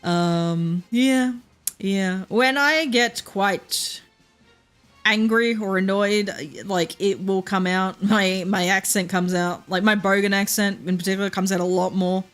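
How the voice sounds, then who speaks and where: A woman's voice: mid-range voice, fairly even intonation, slow, a bit bright, soft background music. A young woman with a Queensland Australian accent, chatting casually while streaming a game, rambling with lots of fillers and laughs. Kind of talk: casual gameplay chat.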